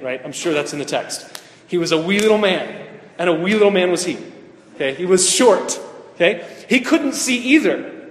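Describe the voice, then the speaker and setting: A man with a fairly high voice preaches in a sermon, asking the audience questions and circling back to his key points. His voice rings through an echoey hall with a long reverb tail. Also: a little hiss or hum. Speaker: pastor or Bible teacher. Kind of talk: interactive sermon. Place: teaching room or church hall with a board.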